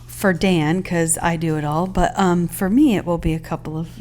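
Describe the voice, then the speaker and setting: Low-voiced woman chatting as podcast co-host. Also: steady tone, moderate pace, a little mellow, slight background noise. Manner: chatty, filler-heavy, teasing. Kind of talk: casual podcast chat. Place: house-sit home.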